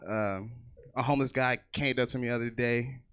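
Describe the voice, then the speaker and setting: A man's voice: mid-range voice, steady tone, brisk, a bit bright, smooth. A man doing a profane stand-up comedy set on a theater stage, telling stories and briefly acting out other people's voices. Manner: profane, storytelling, acts out voices in bursts.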